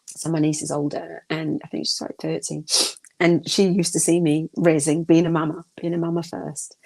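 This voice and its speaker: A woman's voice: sits low, level tone, moderate pace, creaky, a little mellow. A middle-aged woman hosting a spiritual podcast, talking casually in a rambling, emotional way with many restarts. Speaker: podcast host.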